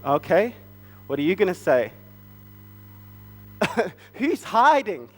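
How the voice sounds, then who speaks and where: A man retelling a Bible story at a church family service, asking the children animated, coaxing questions. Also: high-pitched, slow pace, long reverb tail. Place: church hall.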